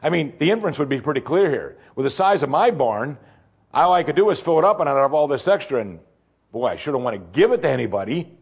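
A male pastor preaching a sermon in an animated way, full of rhetorical questions and acted-out voices. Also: fairly high pitch, fast talker, gravelly, slightly rough.

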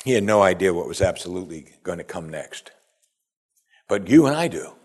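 A man's voice: low-pitched, fairly quick. A man preaching a sermon as pastor, talking straight to his listeners with rhetorical questions. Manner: animated, rhetorical questions to the congregation.

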